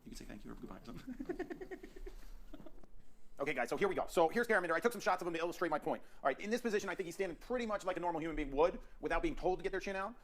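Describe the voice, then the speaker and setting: A man teaching portrait posing in his photo studio, directing a subject with energetic, repetitive coaching. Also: on the high side. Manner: rapid, energetic coaching with frequent restarts and repeats.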